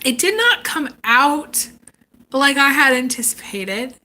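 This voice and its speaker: A woman in her thirties telling family stories in a casual live chat, animated and laughing often. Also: sits high, slow pace. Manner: animated, laughs often, acts out quoted voices. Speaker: tarot reader chatting on a live stream.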